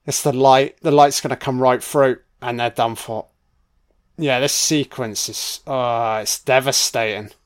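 A British man giving a loud, swearing running commentary on a film, reacting bluntly to each scene as it plays. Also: medium pitch, fairly even intonation, unhurried, clear, resonant tone.

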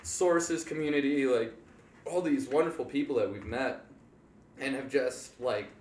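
A man's voice: mid-range voice, a little slow, darkish tone, recorded from a distance. A man in a band chatting casually in a laid-back way, saying "like" often. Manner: laid-back, says "like" a lot. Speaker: band member. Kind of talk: casual chat. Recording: roomy, off-mic, faint hum.

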